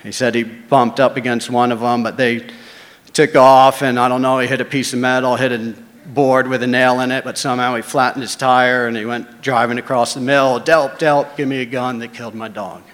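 A man's voice: mid-range voice, little pitch movement, moderate pace, fairly bright tone. Man telling a story in an echoey hall. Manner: casual, conversational, with swearing. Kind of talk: first-person spoken story.

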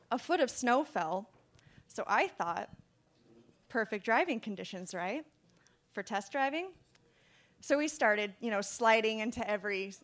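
Young woman telling a lively personal story. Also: medium pitch. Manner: lively storytelling with hushed, whispered asides. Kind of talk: personal story told to an audience.

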